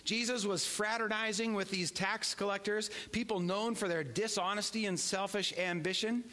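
Male pastor, slightly higher register, earnest emphatic sermon delivery. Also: fairly even intonation, normal speed, in a large hall. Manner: earnest, emphatic preaching, swings between hushed and raised.

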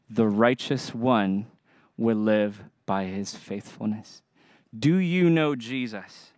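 A man's voice: medium pitch, no echo, clean studio sound. A young adult man preaching a sermon, earnest and emphatic, asking the congregation to respond. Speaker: pastor.

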